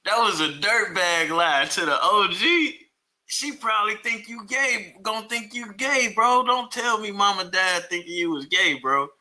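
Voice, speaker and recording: Bright joking man, mocking asides. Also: sits high, measured pace. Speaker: commentary host. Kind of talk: reaction commentary.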